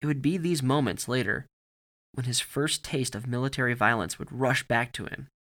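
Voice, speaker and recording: A man reading a story aloud in a steady, grave narrating manner. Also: mid-range voice, normal speed.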